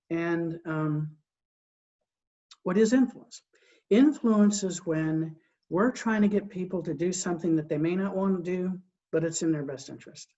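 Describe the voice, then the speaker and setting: A man's voice: high voice, darkish tone. A middle-aged man coaching in an earnest, conversational way. He often repeats words as he starts a sentence and asks his listeners rhetorical questions. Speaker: Christian leadership coach. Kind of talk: conversational teaching talk. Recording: dull lo-fi recording.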